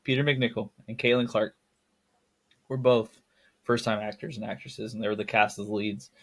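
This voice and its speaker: A man's voice: on the low side, level tone, moderate pace. Rambling young man chatting about a film. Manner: rambling, self-correcting, laughs at his own jokes. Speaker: podcast co-host. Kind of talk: casual film discussion.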